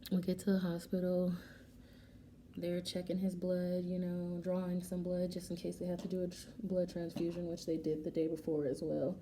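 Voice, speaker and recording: Young woman vlogger, warm low voice, emotional chatty storytelling, light background hiss. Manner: emotional, animated retelling with quoted dialogue. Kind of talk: casual storytelling while doing makeup. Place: home, getting ready.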